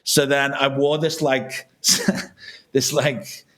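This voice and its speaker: A man's voice: mid-range voice, level tone, very slow, fairly bright tone. A man, a filmmaker guest on a podcast, telling a long casual anecdote full of swearing and restarts.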